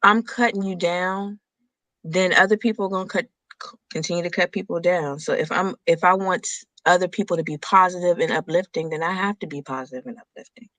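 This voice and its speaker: A woman speaking as a guest in a casual chat, reflective and measured. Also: on the low side, fairly even intonation, fairly bright tone, no echo.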